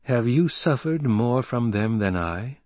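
A man voicing a cold, resolute young male duke in a measured, firm voice, husky in tone. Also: medium pitch, expressive, a little mellow, no room sound, natural voice. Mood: cold resolve.

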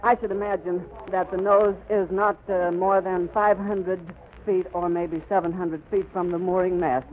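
In a crackly, phone-band 1930s radio recording, a man reports live from an airfield outdoors, describing the scene in vivid, flowing detail. His high voice varies little in pitch, moving at a normal speed with few pauses.

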